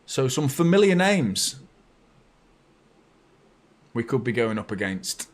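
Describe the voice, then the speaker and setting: A man hosting a live match watchalong, chatty and blunt, bursting into excited shouts when his team scores. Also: mid-range voice, slow pace. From north of England. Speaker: fan channel host.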